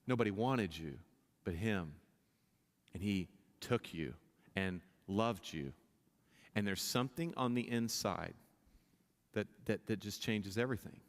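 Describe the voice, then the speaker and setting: Casting: male pastor, lowish voice, passionate sermon delivery, long church-hall reverb. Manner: impassioned, rising in pitch and volume at climaxes, many restarts. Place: church sanctuary.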